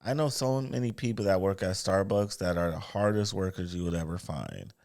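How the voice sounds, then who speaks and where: A man's voice: low voice, lively intonation, fairly quick, gravelly, darkish tone. A man hosting a commentary video, speaking in an earnest, sympathetic way with sighs. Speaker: commentary channel host. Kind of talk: casual commentary.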